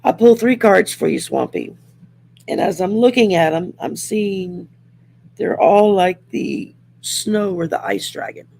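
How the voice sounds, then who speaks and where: Gravelly Southern woman, slow and rambling. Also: medium pitch, darkish tone, slight background noise. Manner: rambling, folksy, thinking aloud with many fillers. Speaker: host doing oracle card readings. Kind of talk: casual livestream chat. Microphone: home setup by a window.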